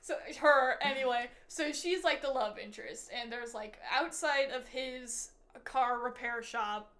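A woman's voice: sits high, unhurried, a bit bright. A young adult woman co-hosting a podcast, chatting casually about a movie, full of "like" and acted-out quotes. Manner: chatty, lots of "like", acts out quotes. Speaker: podcast co-host. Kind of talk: casual movie review chat.

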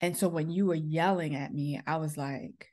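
A woman's voice: low voice, fairly even intonation, moderate pace, darkish tone. A middle-aged woman, a former school principal, earnestly telling a personal story and acting out the quoted exchanges. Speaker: podcast host, former principal.

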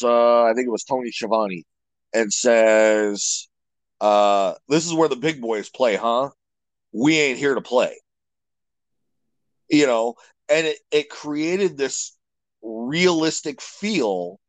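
A man of middle pitch talks wrestling in an opinionated, rambling way, stopping to restart his sentences. He is close to the mic and the sound is very dry. It comes across as an unscripted podcast chat. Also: no echo, poor audio. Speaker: guest wrestling commentator. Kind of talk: casual podcast interview.

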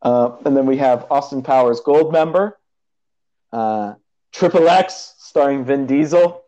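A man's voice: medium pitch, a little slow, dark tone. A young man co-hosting a podcast, chatting casually and rambling with frequent laughs. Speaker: podcast co-host. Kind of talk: casual chat. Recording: dull lo-fi audio.

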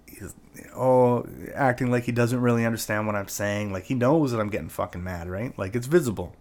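A man's voice: fairly low pitch, a little fast, darkish tone. A man from Canada telling a personal anecdote in a casual, profane, rambling way, full of "like" and "right?". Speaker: storyteller.

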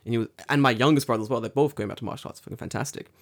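A young man in casual chat, swearing freely, excitable and laughing often. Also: medium pitch, rapid-fire. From United Kingdom.

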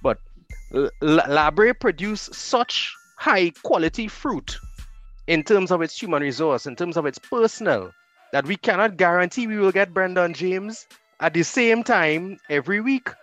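Man, Trinidadian accent, lively storyteller, slightly high-pitched, casual podcast chat. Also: a little slow, soft background music. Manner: animated storyteller, laughs easily. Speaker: podcast guest and radio host.

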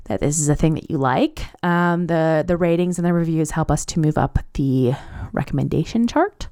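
A young woman hosts her podcast alone, talking in a loose, rambling way and gushing over what she loves. Her voice sits a little low for a woman and sounds clean and smooth. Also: moderate pace, mellow. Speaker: podcast host. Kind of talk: casual podcast monologue.

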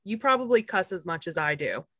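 A woman's voice: fairly low pitch, animated, a little fast, sharp tone, no echo. A woman hosting a podcast interview, enthusiastic and swearing casually. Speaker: podcast host.

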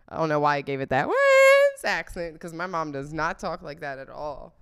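A woman's voice: low-pitched, big pitch swings, normal speed, few pauses, a bit bright, clean tone. A young woman hosting a podcast, telling stories in a candid, chatty way and often laughing. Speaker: podcast host. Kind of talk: casual confessional storytelling.

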